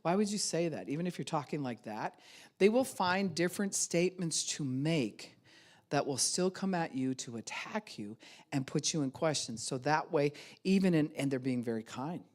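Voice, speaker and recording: A woman's voice: expressive, normal speed, darkish tone. Woman pastor preaching with acted-out voices. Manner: acts out both sides of arguments with sudden high-pitched quoted voices; laughs often while preaching. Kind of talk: sermon.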